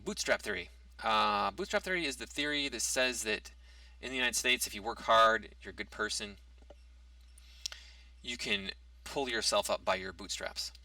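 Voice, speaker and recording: Male commentator, low gravelly voice, hesitant restarts, dry recording from a distance. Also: normal speed, bright, forceful tone, dry recording. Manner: argumentative, reads out a topic then rebuts it. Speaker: commentary vlogger. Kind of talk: casual opinion monologue.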